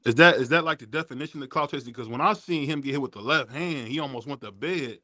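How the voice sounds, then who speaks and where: A man hosting a casual boxing talk show, slangy and animated, reading ad plugs between opinions. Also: mid-range voice, fast, no room sound. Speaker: host.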